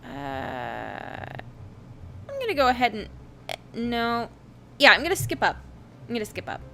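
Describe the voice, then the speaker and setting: A woman's voice: fairly high pitch, huge pitch swings, measured pace, creaky, pushed and bright, slight background noise. A young woman hosting a game video, chatting casually with playful asides. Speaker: gaming video host. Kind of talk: casual let's-play commentary.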